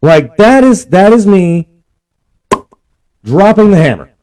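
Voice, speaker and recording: A man's voice: high voice, very animated, takes it slowly, darkish tone. A young man, ranting and cussing in a casual vlog. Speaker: vlog host. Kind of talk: casual profane rant.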